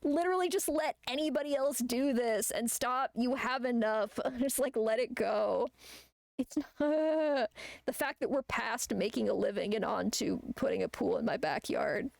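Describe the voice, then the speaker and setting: A woman's voice: on the high side, expressive, unhurried, vocal fry, darkish tone, dry recording. A woman chatting casually while she draws on a live art stream, rambling and ranting with plenty of swearing. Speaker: artist streamer.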